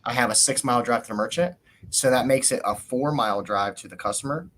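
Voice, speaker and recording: A fast-talking male podcast host with a medium-pitched voice rants his way through a casual story, cursing frequently and acting out what others said. A bit of hiss or hum can be heard in the recording.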